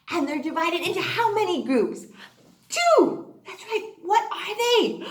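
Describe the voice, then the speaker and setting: A woman's voice: extremely high pitch, sharp tone, roomy sound. A woman teacher giving a phonics lesson to young children in an exaggerated sing-song voice, prompting, gasping and singing the letter sounds.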